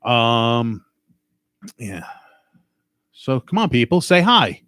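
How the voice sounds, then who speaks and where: A man's voice: medium pitch, big pitch swings, drawn-out words, a bit bright, smooth, no echo, studio quality. A man with a Long Island accent and a stuffed-up nose, rambling and cursing in casual podcast chat. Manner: rambling, profane and joking. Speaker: podcast host.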